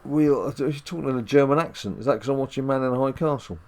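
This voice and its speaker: A man's voice: medium pitch, racing, darkish tone. A man hosting a casual mobile game let's-play at home, chatty and rambling with jokes and filler ums. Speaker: dad gaming channel host.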